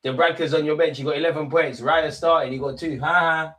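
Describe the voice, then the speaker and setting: A man's voice: a little high, fairly even intonation, fairly quick, fairly bright tone. A man hosting a live football watch-along stream, chatting loosely and bantering with his viewers in slangy speech.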